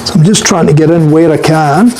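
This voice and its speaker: A man's voice: fairly high pitch, brisk, darkish tone, slight background noise, low-quality recording. A middle-aged man from Scotland with a mild Scottish accent chatting casually with viewers while working on a live stream. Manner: friendly, chatty with viewers, hesitant fillers.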